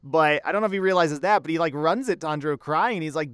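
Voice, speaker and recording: Male guest, casual chat, earnest and reflective, smooth resonant tone, dry sound. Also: a little high, quick pace, fairly bright tone, no echo. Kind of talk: casual anime discussion.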